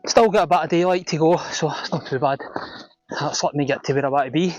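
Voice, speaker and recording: A Scottish man chatting casually while hiking outdoors on a mountain ridge, out of breath and relaxed. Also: a little high, fast talker, dry recording, muffled recording. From Scotland. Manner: relaxed and chatty, says wee and aye often. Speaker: hiking vlogger. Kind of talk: casual outdoor vlog narration.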